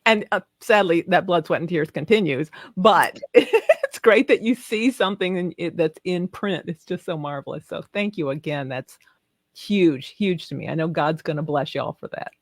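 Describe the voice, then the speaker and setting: An older woman with a Southern US accent, a guest author talking effusively in a casual video call interview and quick to laugh. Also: on the low side, dry recording, clean studio sound.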